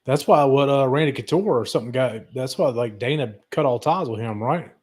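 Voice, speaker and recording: A man's voice: medium pitch, fairly quick, a little mellow, slightly rough. A man co-hosting a podcast, talking loosely and laughing, apologizing after ranting. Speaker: podcast co-host. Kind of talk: casual chat.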